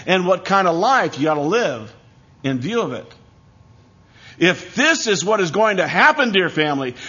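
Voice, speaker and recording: A man preaching a sermon in a solemn, emphatic way, pausing to let his phrases land. His voice sits a little high. The recording is dull and lo-fi. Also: sharp tone. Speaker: pastor.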